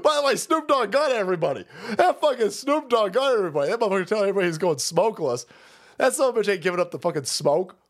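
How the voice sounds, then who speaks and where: Animated, profane man ranting on a stream. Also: sits high, very fast. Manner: profane, laughs often, animated outbursts. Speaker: livestream host. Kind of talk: casual ranting commentary.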